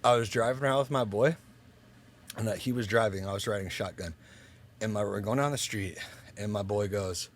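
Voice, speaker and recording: A man guesting on a podcast, telling animated, heavily profane stories in casual chat. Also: mid-range voice, fairly quick, creaky, slight background noise.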